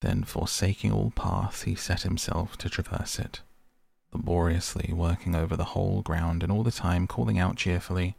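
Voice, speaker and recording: A man reads a classic tale as a softly spoken bedtime story, slow and gentle. His voice is very deep, with heavy gravel and a husky, breathy edge. The sound is dry and close. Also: fairly even intonation, no echo. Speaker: podcast host and audiobook reader.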